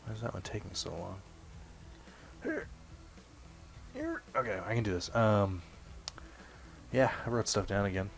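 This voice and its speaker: A young man with a low, deep voice chatters loosely over a game he is playing. He wanders off topic, swears casually and pokes fun at himself, clearing his throat every so often. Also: huge pitch swings, a little slow, long pauses. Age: young adult. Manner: rambling, self-deprecating, swears casually. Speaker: let's play host. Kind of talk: casual gameplay commentary.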